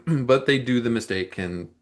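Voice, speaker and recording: A man co-hosting a movie review podcast, talking casually and at length, often clearing his throat and restarting his sentences. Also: medium pitch, lively intonation, measured pace.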